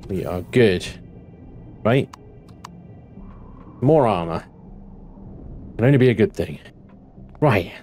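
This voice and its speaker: A man narrating his own gameplay, excitable and talking to himself, swearing now and then. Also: on the low side, slow pace, long pauses, soft background music. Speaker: gameplay commentator. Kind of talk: let's play commentary.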